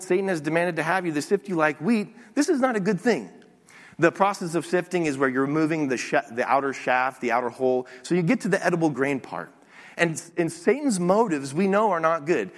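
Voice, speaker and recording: A man preaching a sermon as a pastor, teaching lively with occasional restarts. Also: on the high side, long reverb tail. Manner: animated preaching with some restarts.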